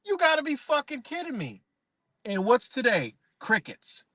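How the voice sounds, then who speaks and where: A man's voice: very high-pitched, huge pitch swings, moderate pace, fairly bright tone, dry recording. A man ranting on a live stream, heated and profane, firing off rhetorical questions. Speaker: livestreamer. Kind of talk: unscripted live-stream rant.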